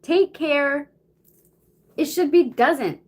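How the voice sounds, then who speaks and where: A woman's voice: high voice, drawn-out words. A young woman reading a novel aloud on a stream, flustered, swearing casually and out of breath. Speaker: reader.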